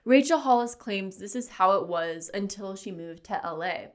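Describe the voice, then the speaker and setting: Woman podcast co-host, casual commentary, chatty, mid pitch, close mic. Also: animated, moderate pace. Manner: chatty, laughs often, reads notes. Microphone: studio podcast mic.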